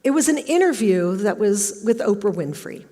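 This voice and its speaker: A woman's voice: mid-range voice, animated, moderate pace, mellow. Storytelling woman in an echoing hall. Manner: storytelling, acts out quoted questions. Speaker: speaker giving a talk. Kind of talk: motivational stage talk. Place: large auditorium. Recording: long hall reverb.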